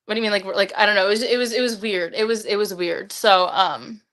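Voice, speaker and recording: A seventeen-year-old girl, a guest on a podcast, chats casually with her dad. Her mid-range voice is a bit bright and quick, and she rambles, stuffing her sentences with "like."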